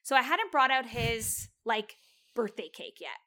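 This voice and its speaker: A young woman casually telling a story about her time as a server, animated and quoting the people involved. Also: on the high side, measured pace.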